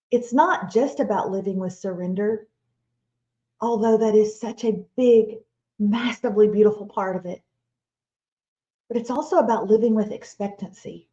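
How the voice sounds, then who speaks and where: A woman, giving a lively, playful motivational Christian talk as a webinar speaker. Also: medium pitch. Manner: animated, playful, acts out imagined listeners and quotes. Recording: slightly dull, lo-fi webinar audio.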